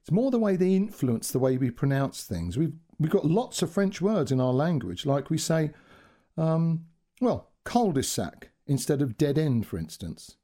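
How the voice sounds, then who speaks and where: A man's voice: a little high, big pitch swings, moderate pace, dark tone, voice pushed up. Man doing a stammering young language teacher. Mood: flustered. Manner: stammering, hesitant.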